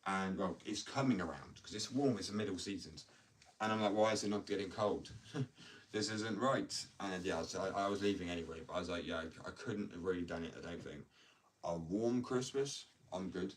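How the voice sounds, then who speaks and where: A man chatting casually on a live stream from his workshop, rambling, excitable and quick to laugh at himself. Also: low-pitched. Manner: rambling, excitable, self-mocking. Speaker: skateboard maker live-streaming to chat. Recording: distant mic, faint noise.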